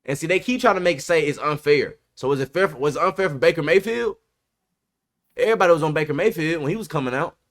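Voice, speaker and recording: A podcast host makes casual sports talk in a fairly high, fast voice. He's emphatic, keeps repeating himself, and says "bro" constantly.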